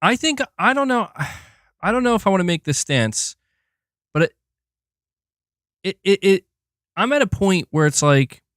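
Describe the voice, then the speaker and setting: A man's voice: high voice, sing-song, unhurried, long pauses, a bit bright, dry recording, clean studio sound. A man live-streaming in casual chat, rambling and swearing with many restarts. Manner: profane, frustrated, rambling with restarts.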